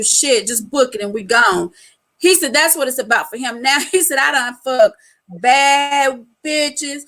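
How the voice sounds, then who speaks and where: A woman hosting a casual live chat, telling animated stories in a loose colloquial way and laughing often. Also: sits high, poor audio. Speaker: host.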